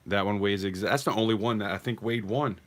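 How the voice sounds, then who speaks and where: A man's voice: lowish voice, quick pace. A man hosting a live online auction, calling out bids and chatting in rambling asides between them. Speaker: live auction stream host.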